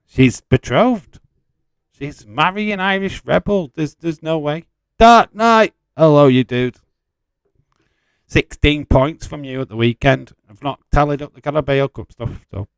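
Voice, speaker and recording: This man's voice is a little high, gravelly yet smooth, and he speaks without hurry on a dry recording. He hosts a casual live watch-along, reading viewer chat, teasing his audience and calling out match updates while swearing freely.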